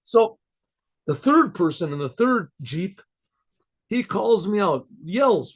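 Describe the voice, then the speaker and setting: An older man with a rough, gravelly voice and a husky edge tells a story to his class. He sits a little high for a man, and he rambles, circles back on his words and keeps clearing his throat. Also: big pitch swings, slow, pauses often. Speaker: rabbi.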